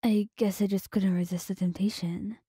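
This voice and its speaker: A woman's voice: mid-range voice, fairly even intonation, moderate pace, warm tone, husky, no echo, studio quality, natural voice. Woman whispering as a flustered young swordsman. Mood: sheepish. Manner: stammering, apologetic. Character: shy flustered young male swordsman boyfriend. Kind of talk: whispered role-play.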